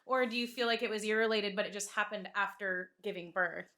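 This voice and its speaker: A woman's voice: mid-range voice, a little fast, bright, forceful tone. A woman co-hosting a casual podcast, listening closely and asking follow-up questions. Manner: attentive, asks follow-up questions. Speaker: podcast co-host.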